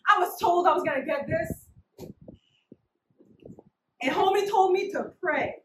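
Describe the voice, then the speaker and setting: A young woman giving a casual, humorous sermon, slangy and animated, acting out little scenes. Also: extremely high pitch, moderate pace, pauses often, slight background noise. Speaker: preacher. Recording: echoey room, mic at a distance.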